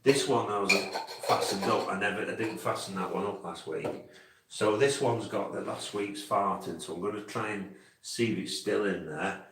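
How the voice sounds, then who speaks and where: A man's voice: lowish voice, moderate pace, a bit bright. A man hosting a casual live stream, rambling and chatty with lots of restarts. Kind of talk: casual live chat with viewers. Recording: echoey room, mic at a distance.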